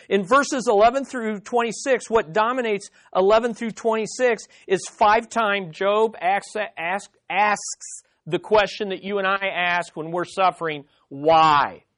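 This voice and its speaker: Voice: mid-range voice, a bit bright. A Bible teacher giving an emphatic study lesson to a live group, often putting questions straight to the listeners and repeating words to press a point.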